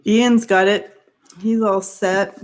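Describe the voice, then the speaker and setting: A woman's voice: mid-range voice, fairly even intonation, slow pace. A woman co-hosting a casual livestream on a video call. She talks in a friendly way, explains things and reads out the chat. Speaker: livestream co-host.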